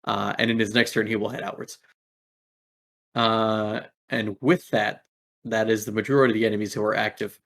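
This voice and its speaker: A man's voice: on the low side, little pitch movement, normal speed, creaky, a bit bright. A man narrating as game master in a casual way, full of fillers. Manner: casual, many fillers, swears.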